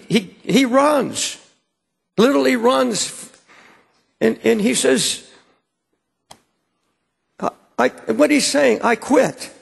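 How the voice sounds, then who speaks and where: A man's voice: high voice, gravelly, breathy edge. A man preaching a sermon to a congregation, often stammering and repeating words as he presses a point. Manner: repeats words when stirred, stammering restarts. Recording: long hall reverb.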